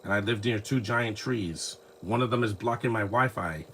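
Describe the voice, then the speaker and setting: A man's voice: on the low side, moderate pace, fairly bright tone, a little hiss or hum. A man casually rambling through a live movie commentary, full of restarts and fillers, recorded on a phone at home. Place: home, lives near trees.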